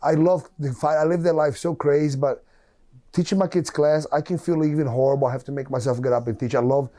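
Mellow-voiced coach. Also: male voice, fairly high pitch, fairly even intonation, quick pace. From Brazil. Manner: emphatic, repetitive, run-on phrasing. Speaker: podcast co-host, martial arts coach. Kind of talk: casual chat.

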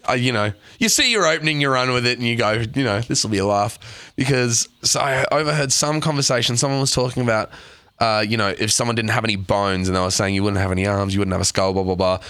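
A man's voice: mid-range voice, fast talker, a bit bright, clear, resonant tone, dry recording. A man, a podcast co-host, telling crude stories in casual chat and laughing a lot.

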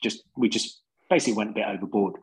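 Husky london guy rambling thru old band stories, lots of ums, easygoing. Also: lowish voice, quick pace, rough recording. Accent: London English. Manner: rambling, laid-back anecdotes with many fillers. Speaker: podcast guest, band singer. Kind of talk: casual storytelling.

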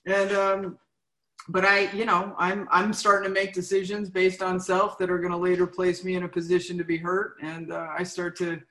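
A woman's voice: on the low side, little pitch movement, moderate pace, a bit bright, echoey room, rough recording. A woman sharing her recovery story at a meeting, frank and self-mocking, often tagging on "right?".

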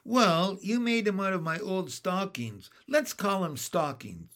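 A man reading as Benny, an eager, earnest little boy who speaks slowly and wheedles. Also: high voice, expressive, a bit bright, slight background noise, pitched above the performer's own voice.

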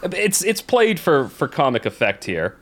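A man's voice: fairly high pitch, very animated, unhurried. A man in casual chat, retelling a film's story in a rambling way with many fillers and restarts.

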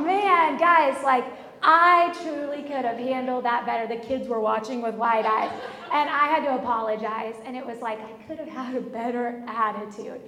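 Lively woman preaching in an echoey hall. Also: on the high side, normal speed, slight background noise. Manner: animated storyteller, acts out quoted exchanges. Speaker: speaker at a church service. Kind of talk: sermon with personal stories.

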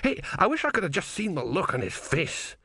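Man doing a high, lively old philosopher. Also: brisk, vocal fry, no echo, studio quality, full character voice. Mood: cheerful. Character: eccentric old male philosopher, cheerful.

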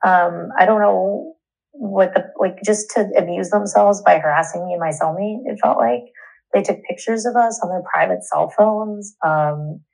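A young woman giving a candid, indignant personal account in an interview, halting and restarting as she speaks. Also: mid-range voice, creaky, darkish tone, rough recording.

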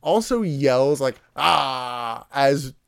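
A man's voice: a little high, lively intonation, normal speed, darkish tone, dry recording, clean studio sound. A man co-hosting a podcast, recapping in a rambling, casual way and acting out little voices as he goes. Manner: rambling, acts out voices, heavy "like" filler. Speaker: podcast co-host recapping wrestling.

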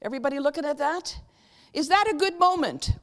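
A woman giving a sermon in a high voice that rises and falls with a lot of life. She keeps checking in with her listeners, asking them to answer her, then slows into a soft guided reflection. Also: expressive. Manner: interactive, asks the audience frequent questions; leads a guided reflection, slow and soft at times. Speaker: guest speaker.

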